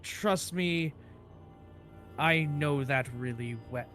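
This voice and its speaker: A man plays his character in a tabletop game, measured and very slow, his voice a little high for a man. Faint music plays underneath. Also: fairly bright tone. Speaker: player. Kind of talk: tabletop role-play.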